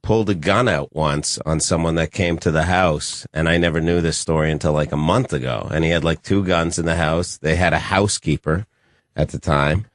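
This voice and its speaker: A man from Canada with a very deep voice, telling stories on a podcast with dry, deadpan jokes. His voice is recorded close and dry in the studio. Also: moderate pace, dry recording. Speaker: podcast guest. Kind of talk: casual chat.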